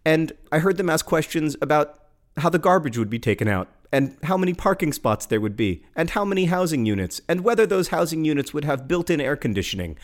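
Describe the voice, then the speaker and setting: A man's voice: on the high side, very animated, fairly quick. A man from the American South co-hosting a casual talk show, wry and enthusiastic, with many fillers and restarts. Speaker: podcast co-host. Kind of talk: casual chat.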